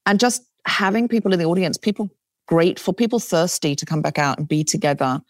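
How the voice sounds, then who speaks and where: A woman's voice: lowish voice, a little fast, no room sound. Chatty British-accented woman, dry sound. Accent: British with a faint Australian trace. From Australia. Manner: animated, self-deprecating, chatty. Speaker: comedian and podcast host, guest. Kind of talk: casual interview talk.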